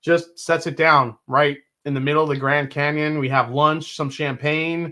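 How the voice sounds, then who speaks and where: A man's voice: on the high side, fairly even intonation, normal speed, sharp tone. A middle-aged man co-hosting a casual bourbon tasting, chatty and prone to restarts as he tells a story. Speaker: podcast co-host.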